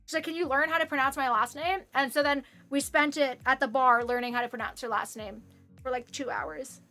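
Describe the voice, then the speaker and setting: Young woman from Canada, high bright voice, rambling casual stream chat, faint music underneath. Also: fairly even intonation, a little fast. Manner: rambling, self-deprecating, swears casually. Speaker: livestreamer. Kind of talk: casual chat with viewers while sewing.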